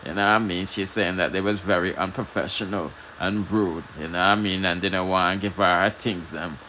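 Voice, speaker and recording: A Jamaican man with a very deep voice hosts a laid-back news commentary. His tone is bright and forward, and faint noise sits behind him. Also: a little fast, poor audio. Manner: relaxed, repeats "you see what I'm saying". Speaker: news commentary channel host.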